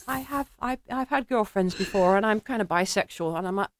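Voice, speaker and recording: A middle-aged English woman telling a personal story, animated and laughing, acting out quoted voices. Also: on the high side, moderate pace, few pauses, no echo, clean studio sound. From England.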